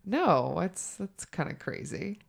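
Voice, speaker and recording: Woman co-host, casual chat, frank and chatty, swears freely, lower pitch. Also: big pitch swings, slow pace, creaky.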